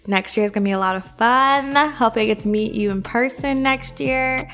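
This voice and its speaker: A woman's voice: fairly high pitch, fairly quick, a bit bright. Female therapist-host, casual chatty monologue, light music bed. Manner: chatty, upbeat, rambling with fillers. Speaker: self-worth therapist and coach, podcast host.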